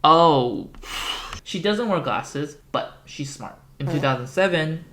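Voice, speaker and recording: A video essayist recapping a film with sarcastic, ironic asides and comic timing. The voice sits at a middle pitch with a casual, wry delivery. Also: lively intonation, takes it slowly, fairly bright tone, slight background noise. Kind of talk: comedic video-essay narration.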